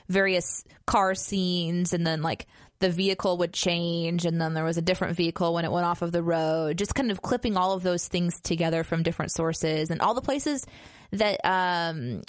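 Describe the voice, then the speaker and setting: Woman gushing on a podcast, kinda low voice, dry close mic. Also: no echo. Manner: enthusiastic, laughs easily. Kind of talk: casual podcast discussion.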